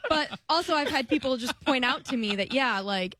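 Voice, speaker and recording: A young woman co-hosting a casual chat show, chatty and lively, acting out the voices of people she quotes. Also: sits high, normal speed, few pauses. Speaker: podcast co-host.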